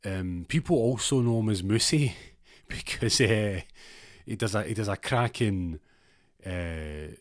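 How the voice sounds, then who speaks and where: A man's voice: fairly low pitch, slow, dry recording, studio quality. A man with a Scottish accent telling a rambling, digressive comic anecdote in a casual way, often drifting off on tangents. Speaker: storyteller.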